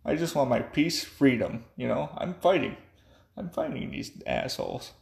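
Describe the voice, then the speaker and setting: Young man, profane angry rant, echoey room, gravelly. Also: medium pitch, huge pitch swings, normal speed, darkish tone. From United States. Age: young adult. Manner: profane, agitated ranting. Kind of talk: angry ranting monologue.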